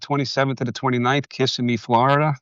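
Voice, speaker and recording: A man's voice: mid-range voice, little pitch movement, quick pace, a bit bright, clean tone, no room sound. Man, New York City accent, podcast guest, anecdotal storyteller, dull dry sound. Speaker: podcast guest, industry board chair. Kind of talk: casual podcast chat.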